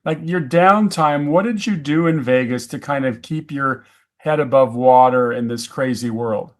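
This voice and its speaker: A man's voice: mid-range voice, unhurried. A man co-hosting a podcast, asking questions in a curious, conversational way. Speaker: podcast co-host. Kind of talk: casual interview chat.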